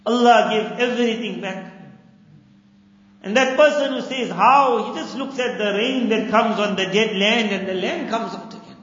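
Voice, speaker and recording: A man's voice: high voice, moderate pace, fairly bright tone. Male preacher, storytelling sermon, repeats words for emphasis, roomy reverb. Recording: dull echoey hall recording.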